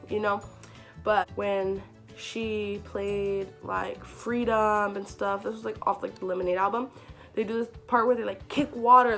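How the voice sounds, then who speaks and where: A young woman telling a story to camera in a casual vlog, chatty and excitable, full of "like" fillers. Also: on the high side. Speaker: vlogger.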